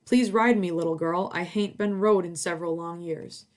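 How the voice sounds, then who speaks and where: A woman's voice: fairly low pitch, moderate pace, lightly acted. A woman voicing an old horse that begs to be ridden. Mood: pleading. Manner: pleading.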